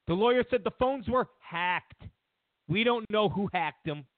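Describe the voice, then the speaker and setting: A sarcastic male host delivers a mock-outraged rant, his fairly high voice leaping wildly between shouts and mutters. The sound is thin and phone-like, with no room echo. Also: animated, measured pace. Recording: dry tinny phone-like sound.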